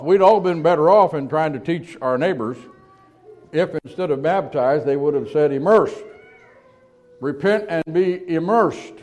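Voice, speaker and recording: A man preaching a sermon, asking rhetorical questions and slowing down to stress key words, with quiet asides between louder emphatic points. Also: on the high side.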